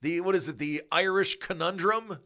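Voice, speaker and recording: A man's voice: high voice, normal speed, sharp tone. A man hosting a livestream, chatting casually and rambling through tangents with fillers and laughter. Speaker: livestream host.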